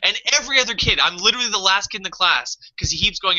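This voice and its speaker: Bright-voiced man telling a story, lo-fi. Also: high-pitched, quick pace, slight background noise. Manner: animated, swearing, acts out his own past panic. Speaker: podcast co-host. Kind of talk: casual storytelling chat. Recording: dull lo-fi podcast audio.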